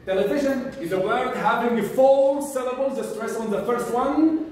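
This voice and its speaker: A man teaching a vocabulary lesson, repeating each word slowly and drilling pronunciation with his class. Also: very high voice, darkish tone, slight background noise. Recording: echoey room, mic far off.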